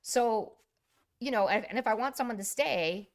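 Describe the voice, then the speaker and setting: Animated woman telling coaching stories. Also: on the high side, moderate pace. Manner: animated storyteller, acts out her own yelling. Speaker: podcast co-host. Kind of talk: casual chat.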